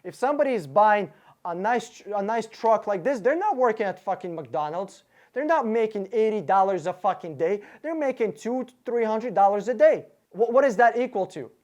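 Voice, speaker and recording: On his car-buying channel, a man with a high-pitched, slightly mellow voice rants to camera with angry sarcasm, captured with lo-fi sound. He works out costs aloud through the sums, swears freely, and often stumbles over his words.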